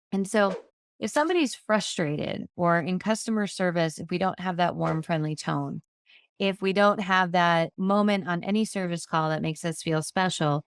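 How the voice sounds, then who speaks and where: A woman's voice: lowish voice, clear, resonant tone, no echo, studio quality. A woman hosting a podcast, teaching customer service in a conversational monologue and demonstrating tone with everyday examples.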